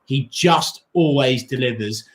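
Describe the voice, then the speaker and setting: A man co-hosting a long charity livestream, talking in an excitable, gushing way and thanking donors warmly, worn out from the long hours. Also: mid-range voice, unhurried, rough recording. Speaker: livestream co-host. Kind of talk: casual livestream chat.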